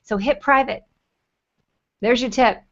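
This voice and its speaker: A woman on a panel, chatty and rambling, telling animated stories over a video call. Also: a little high, a little slow, muffled recording. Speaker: panelist and YouTube show host. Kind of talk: casual panel chat.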